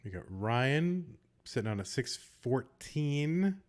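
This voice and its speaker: A man calls a live game tournament in a loose, chatty way. He rambles and jokes in a middle-pitched voice. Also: very animated, slow. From Boston. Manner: chatty, rambling, joking asides. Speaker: tournament commentator. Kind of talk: casual live game commentary.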